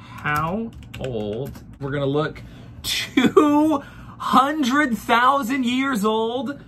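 A man's voice: very high voice, expressive, extremely slow, sharp tone, a little hiss or hum. A man in his thirties doing a profane, mock-furious comedic rant full of rhetorical questions. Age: 30s. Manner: exasperated, profane ranting.

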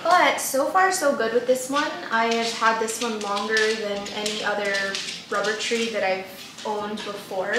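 In her apartment, a young woman vlogs casually about her houseplants, chatty and poking fun at herself. Her voice is a little high, and the camera mic sits some distance away, so the sound is roomy with background noise.

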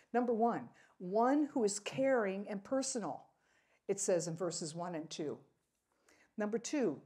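A woman leads a Bible study class at an unhurried, deliberate pace. Her voice is husky and a little breathy. She repeats key phrases for weight and laughs off her own slips. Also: mid-range voice, mellow.

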